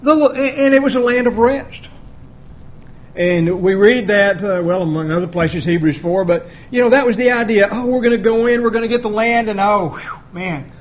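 A man preaching a sermon in a plain, folksy, conversational way, with a notably high voice for a man. He walks through scripture and acts out the voices of the people he quotes. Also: normal speed, a little hiss or hum. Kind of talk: sermon, Bible teaching.

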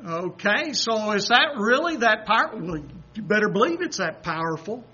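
A man with a very high voice preaches a sermon, often dropping to quiet, low asides and then climbing into loud, excited exhortation. He acts out quoted voices and chuckles between points. The recording sounds dull and lo-fi. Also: moderate pace, husky. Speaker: pastor.

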